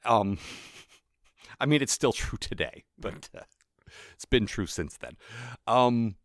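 A man with a fairly low voice that swings up and down a lot, talking casually as a podcast co-host. He laughs often and tosses in quick impressions. The recording is dry and close. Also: animated, no echo. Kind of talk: casual chat.

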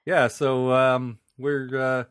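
A man's voice: mid-range voice, level tone, slow pace, a bit bright, smooth, dry recording, studio quality. A man hosting a casual podcast chat, rambling with frequent restarts and laughing often. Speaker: podcast host.

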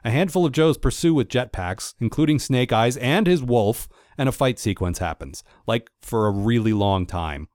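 A man's voice: mid-range voice, lively intonation, normal speed, few pauses, a little mellow, no room sound, clean studio sound. A man narrating a comedic recap of a cartoon episode, with sarcastic, wry asides. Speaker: cartoon reviewer.

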